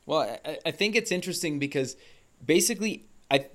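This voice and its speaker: A man's voice: on the high side, lively intonation, fairly quick. A man hosting a podcast interview, chiming in with agreement and speaking in loose, filler-heavy phrasing. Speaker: podcast host.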